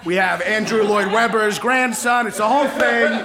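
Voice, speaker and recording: Thirtysomething guy from kentucky, stand-up comic, dry and deadpan, high voice, echoey club w/ crowd laughing. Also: moderate pace. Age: 30s. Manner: deadpan, dry, self-mocking, chatting with the crowd. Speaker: stand-up comedian. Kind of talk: stand-up comedy set. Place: comedy club stage.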